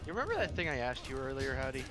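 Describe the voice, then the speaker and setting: A man's voice: medium pitch, very animated, racing, over music. A young man in casual stream chat, trading crude jokes and explaining game mechanics. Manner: crude joking banter, explains game details.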